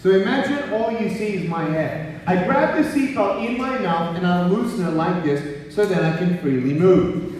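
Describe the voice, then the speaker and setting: A man's voice: high voice, lively intonation, moderate pace, darkish tone, slight background noise. A man in his thirties giving a humorous motivational talk to a live audience, a playful storyteller who acts out the voices in his stories. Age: 30s. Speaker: motivational speaker. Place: large school gymnasium. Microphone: handheld mic, recorded from far off in the hall. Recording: very echoey gym recorded from far off.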